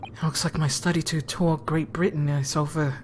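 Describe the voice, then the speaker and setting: A woman voicing a young male law student, reading his game lines softly and earnestly. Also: deep voice, fairly even intonation, normal speed, noisy background, voice pushed down, close to an everyday voice. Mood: wistful.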